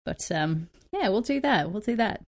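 A woman's voice: medium pitch, animated, moderate pace, darkish tone. A young woman at a tabletop game talks through her character's actions. She rambles, laughs at herself, and keeps adding apologetic asides. Her voice is mid-range. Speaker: player. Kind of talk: tabletop role-play, casual chat.

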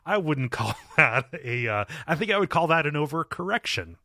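A man's voice: on the high side, big pitch swings, normal speed, pushed and bright, no echo, clean studio sound. Laughing, rambling man on a podcast. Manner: rambling, laughs often, many restarts. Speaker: podcast co-host. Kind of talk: casual chat.

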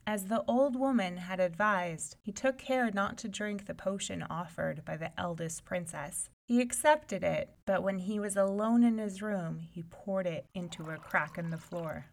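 A woman storyteller reading a folk tale aloud with a mid-pitched voice. Her delivery is expressive and animated, shaped for listeners who are hearing a story. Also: a little slow, vocal fry, few pauses. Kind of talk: fairy tale read aloud.

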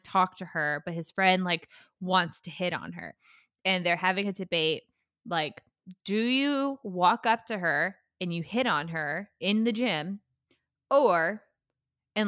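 A woman's voice: lowish voice, a bit bright, clear, resonant tone, dry recording, clean studio sound. A young woman co-hosting a podcast, telling stories in a chatty, giggly way with many fillers. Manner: laughs often, chatty storytelling with fillers. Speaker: podcast co-host. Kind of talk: casual chat.

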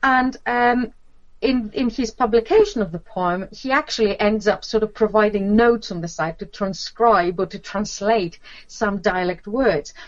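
A woman giving a lecture on literature and folklore, talking with many fillers, restarts and pauses. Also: mid-range voice, no echo, dull audio.

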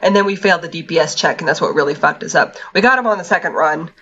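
A woman's voice: on the low side, fast, fairly bright tone, highs cut off, slight background noise. A woman co-hosting a casual chat podcast, talking about games in a laid-back way, swearing and laughing easily. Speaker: podcast co-host.

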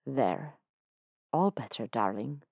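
A woman voicing a suave, seductive male devil, speaking in a smooth, coaxing, intimate way. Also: rumbling low, expressive, slow pace, darkish tone, no room sound, pitched below the performer's own voice, full character voice. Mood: tender.

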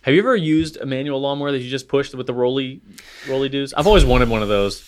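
A man co-hosting a casual podcast, full of dry jokes and teasing asides. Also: mid-range voice. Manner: joking, quick quips and teasing. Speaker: podcast co-host. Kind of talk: casual chat.

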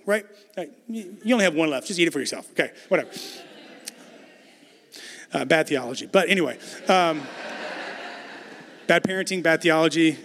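A man in his thirties preaching a sermon as a pastor, animated and acting out dialogue as he tells stories. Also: a little high. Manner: animated storytelling, acts out dialogue. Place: church sanctuary. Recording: long hall reverb in a church.

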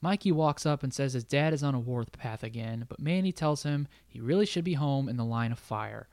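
A man's voice: medium pitch, darkish tone, no room sound. Male podcast co-host, mid-range voice, casual plot recap, dry close mic. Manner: recaps the plot, laughs often, quotes lines in quick bits. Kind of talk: casual chat.

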